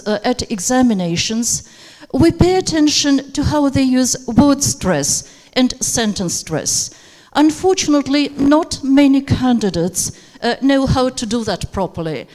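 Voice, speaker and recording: Speaking a little slowly in a high, slightly mellow voice with big pitch swings, a woman trains teachers at a live workshop. She hesitates often with fillers and coaxes people to take turns, in a conference room with an audience, recorded with hall reverb.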